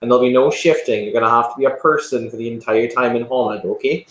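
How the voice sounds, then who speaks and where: A man's voice: mid-range voice, quick pace, fairly bright tone, close to an everyday voice. A bossy, protective werewolf cousin who lays down the rules for the night, as a man plays him in a tabletop game. His firm, commanding voice rings in a roomy, echoing space over a call. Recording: roomy echo.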